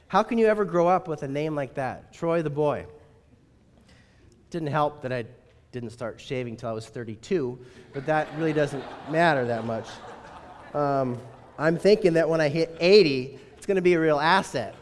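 A man's voice: on the high side, normal speed, slight background noise. A male pastor preaching a sermon in a conversational, wry manner, often asking rhetorical questions. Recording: reverberant hall.

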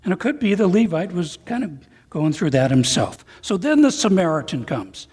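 A man preaching a sermon, retelling a parable in an animated storytelling way. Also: high-pitched, moderate pace, breathy edge. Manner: animated storytelling, reading a retold parable aloud. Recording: long reverb of a large hall.

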